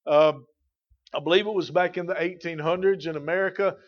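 High-voiced emphatic male preacher. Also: fairly even intonation, fairly quick, highs cut off. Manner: emphatic preaching, repeats key phrases. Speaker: pastor. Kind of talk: sermon.

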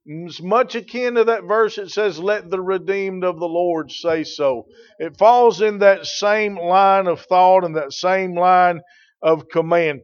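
High-voiced male preacher, emphatic. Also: takes it slowly, lo-fi sound. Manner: emphatic preaching, rising from quiet explanation to loud declarations. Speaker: pastor. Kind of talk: sermon.

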